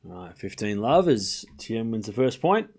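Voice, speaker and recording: A man hosting a live tennis watchalong stream, calling points quickly, chatting with viewers and groaning out loud when things go wrong. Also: on the low side. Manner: excitable, groans and cries out at points. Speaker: stream host.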